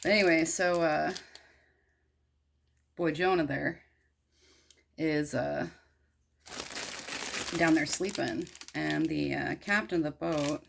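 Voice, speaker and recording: A woman with a deep, gravelly voice casually retelling a story while she works on a craft at home. She is irreverent and slangy, swears freely and drifts into asides. A faint noise sits under the voice. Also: slow pace, pauses often.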